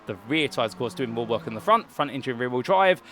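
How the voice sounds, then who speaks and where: A British man in his thirties talks through a sim racing session at an easy middling pitch. He rambles from point to point with polite, old-fashioned turns of phrase. Faint background noise sits under the voice. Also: lively intonation, quick pace, a bit bright. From United Kingdom. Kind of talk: solo race commentary.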